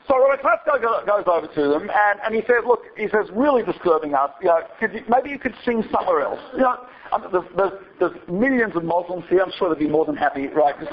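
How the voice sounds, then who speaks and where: A male rabbi telling a story to his students in a digressive, chatty lecture, often checking in with a rhetorical "right?". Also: high-pitched. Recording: dull lo-fi recording.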